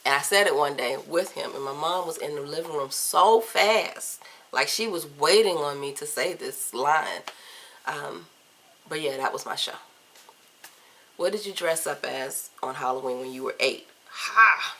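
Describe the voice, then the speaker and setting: A woman in her thirties from Virginia, chatting casually through a list of tag questions on a camcorder, candid and playful, often trailing off softly. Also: deep voice, moderate pace. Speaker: vlogger. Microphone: camcorder mic.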